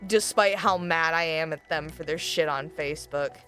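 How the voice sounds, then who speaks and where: Over soft background music, a deep-voiced, slightly bright woman talks at a normal pace while streaming a game. Her gameplay chat with viewers is casual, full of laughter and free swearing.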